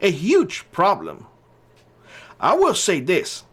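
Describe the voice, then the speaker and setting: A man's voice: high-pitched, wildly swooping pitch, takes it slowly, fairly bright tone, breathy edge. A man hosting his own channel, giving blunt opinion commentary and hammering his points by repeating short phrases. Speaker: channel host.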